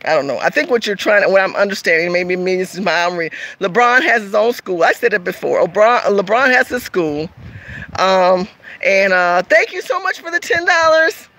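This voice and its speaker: Gravelly, emphatic woman streamer. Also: medium pitch, expressive, normal speed, a bit bright, poor audio. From California. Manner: emphatic, preachy, repetitive, talks straight to viewers. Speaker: livestream host reading viewer comments. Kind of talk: casual livestream commentary.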